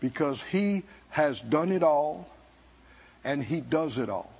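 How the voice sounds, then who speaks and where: A man preaching a sermon at a conference, emphatic and sometimes shouting, calling out to the congregation, in a dull lo-fi recording. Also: on the high side, lively intonation, slow, creaky, husky. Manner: emphatic, shouting at peaks, laughing, call-and-response.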